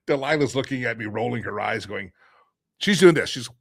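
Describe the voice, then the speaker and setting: A man's voice: mid-range voice, vocal fry, husky, dry recording. A middle-aged man hosting a casual live-stream talk show, reading viewer comments aloud, joking and rambling with frequent laughs.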